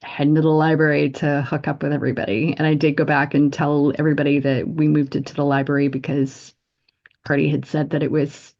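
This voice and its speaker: Gravelly, hesitant tabletop player, lo-fi. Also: medium pitch, a little mellow. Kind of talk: playing a tabletop game.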